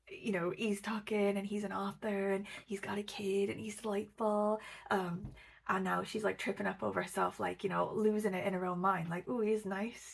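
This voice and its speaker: A woman's voice: mid-range voice, gravelly, slightly rough. A woman chatting casually about books in a vlog, rambling with lots of likes and ums. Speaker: booktuber. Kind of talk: casual book vlog chat.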